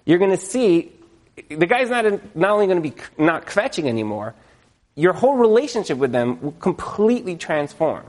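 A man giving a humorous religious lecture in front of an audience. He is animated, jokes, checks in with the listeners, and uses Jewish religious terms. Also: high voice, normal speed. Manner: animated, joking, asks the audience questions. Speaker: speaker giving a talk to an audience.

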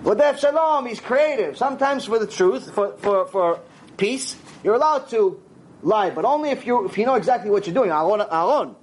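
High-voiced rabbi, animated storyteller. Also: male voice, moderate pace, slight background noise. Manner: animated storytelling, acts out dialogue, sprinkles Hebrew words. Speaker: rabbi teaching a Torah class. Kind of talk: lively Torah lecture.

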